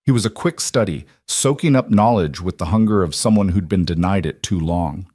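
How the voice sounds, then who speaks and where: Male narrator, low voice, dry close mic; calm, measured scripted story reading. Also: no room sound.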